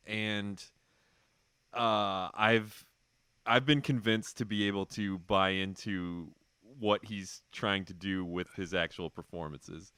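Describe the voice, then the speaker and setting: A man's voice: on the low side, takes it slowly, pushed and bright, clean tone, no room sound. A man hosting a casual movie podcast, laughing often and trailing off mid-sentence. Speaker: podcast host. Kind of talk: casual chat.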